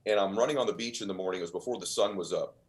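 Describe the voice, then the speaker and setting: A podcast guest with a low-pitched voice races through motivational stories. His delivery is earnest and emphatic, almost like a preacher.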